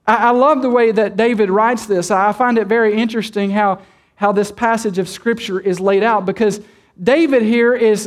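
A man with a very high voice preaches to his congregation. He leans hard on key words, repeating and drawing them out, and stops to put questions to the room. It sounds like a pastor at the pulpit of a church. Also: steady tone, normal speed. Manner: addresses the congregation directly with questions. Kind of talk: sermon.

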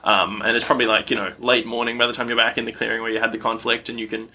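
A man running a tabletop game as game master, narrating in a relaxed, rambling way with fillers. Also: medium pitch, racing, creaky, a little hiss or hum.

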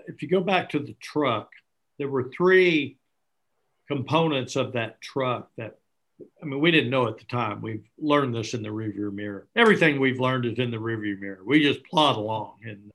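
A middle-aged man, an interview guest who founded a charity, telling stories earnestly and acting out bits of dialogue. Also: a little high. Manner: earnest, animated, acts out dialogue. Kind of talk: conversational storytelling.

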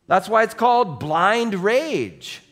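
A man preaching a sermon as pastor, animated, going from soft asides to shouts and acting out what people say. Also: sits high, slow pace. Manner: animated, swings between soft and shouting, acts out quotes.

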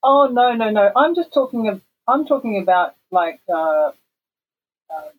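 A woman with an Australian accent, chatting as an interview guest in an animated, emphatic and frank way. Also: on the high side, a little slow, narrow, tinny audio, over a noisy crowd. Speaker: guest, voice actor and singer. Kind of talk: casual interview chat.

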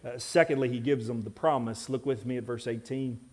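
A man preaching a sermon to a congregation. He swings between loud, emphatic passages and quiet, intense ones, with wry asides to the listeners. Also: medium pitch, fairly even intonation, a little fast, husky. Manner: self-deprecating asides to the congregation. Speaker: pastor.

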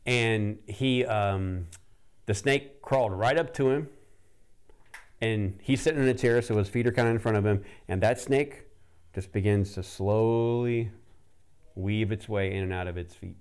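Low-voiced man telling a sermon story. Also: a little slow, smooth. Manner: casual, animated storyteller using many fillers. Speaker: preacher.

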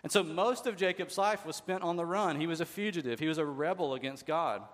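A man's voice: a little high, fairly quick, a bit bright. A man preaching a sermon as pastor, talking conversationally and asking the congregation rhetorical questions. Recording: long hall reverb.

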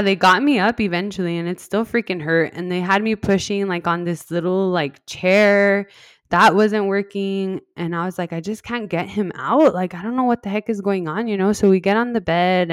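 Her voice is mid-range and her pace moderate, with no echo in the recording. A young adult woman hosting a podcast recounts her birth story in a chatty, laughing way, full of "like"s and lively acted-out dialogue.

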